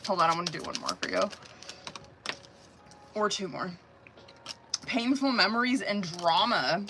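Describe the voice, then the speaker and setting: A woman doing tarot readings on a live stream, talking in a casual, slangy, profane way and laughing often. Her throat is sore, so she keeps her voice soft. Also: medium pitch, lively intonation, measured pace, slight background noise. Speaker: tarot reader.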